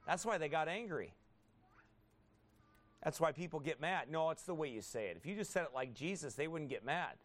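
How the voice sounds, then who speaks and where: A man with a somewhat high-pitched voice delivers a pastor's sermon, peppering it with rhetorical questions. He reads scripture slowly and deliberately and swells into forceful, emphatic bursts. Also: lively intonation.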